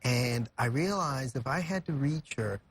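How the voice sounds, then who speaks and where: A man's voice: mid-range voice, animated, unhurried, a little hiss or hum. A young man from California, a guest in a TV studio, telling an emotional story earnestly and reflectively, with many "you know" fillers. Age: young adult.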